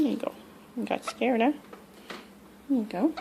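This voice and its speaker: A woman's voice: fairly high pitch, moderate pace, long pauses, mellow, a little hiss or hum, rough recording. A woman at home talking to her pet parrots and narrating, often cooing in baby talk to them. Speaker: pet vlogger.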